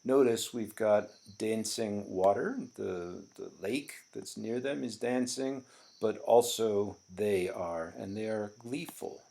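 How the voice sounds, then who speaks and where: Slow, gravelly-voiced male teacher. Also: lowish voice, dark tone. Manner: explanatory, with frequent ums and restarts. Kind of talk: classroom poetry lecture.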